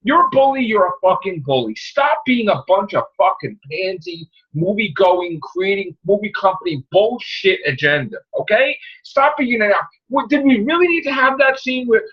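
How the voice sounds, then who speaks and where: A man's voice: high voice, animated, normal speed, hardly any pauses, muffled recording. A man hosting a podcast, ranting angrily about a movie with lots of profanity and heated, mocking delivery. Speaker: podcast host. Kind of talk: angry movie rant.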